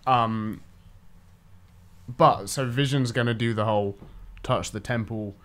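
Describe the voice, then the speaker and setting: A man co-hosting a podcast in casual chat, laid-back, trailing off quietly at the ends of phrases. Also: medium pitch, slow pace. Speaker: podcast co-host.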